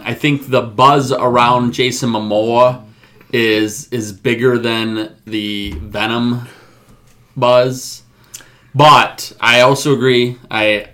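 A man co-hosting a casual podcast, animated and joking, reading out news items. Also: medium pitch. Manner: animated, quick to joke, reads news items aloud. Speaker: podcast co-host.

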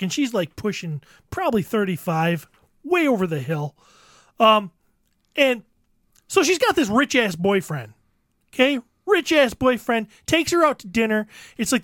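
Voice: medium pitch, sing-song, measured pace, a bit bright, dry recording, studio quality. Crude, exasperated podcast ranter. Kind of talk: profane comedic rant.

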